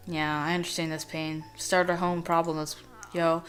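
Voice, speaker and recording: A woman's voice: deep voice, flat delivery, moderate pace, fairly bright tone, clear, resonant tone, soft background music. A woman hosting a let's play from a room at home, rambling casually and reading game text aloud. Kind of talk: casual gameplay commentary.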